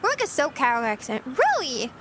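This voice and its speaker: A woman's voice: high voice, wildly swooping pitch, moderate pace, a bit bright, slight background noise. A woman streamer chatting casually with her live chat, giggly and talkative, answering questions as she goes.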